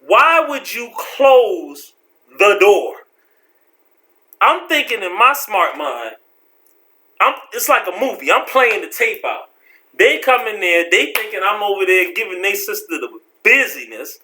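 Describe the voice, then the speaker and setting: A man telling a story from his life in a casual vlog, slangy and animated, acting out the people in it. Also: high-pitched, normal speed. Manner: animated, slangy, acts out voices.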